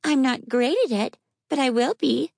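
A woman voicing a young girl who is a house-cat-sized moth familiar, eager and clingy, speaking in a high childlike voice. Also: normal speed, creaky, a little mellow, no echo, clean studio sound.

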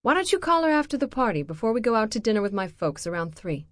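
A narrator doing a bitter, bored ex-wife. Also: female voice, on the high side, big pitch swings, quick pace, no echo, clean studio sound, pitched above the performer's own voice. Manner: bored, irritated, curt. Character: tired, irritated woman, bitter ex-wife.

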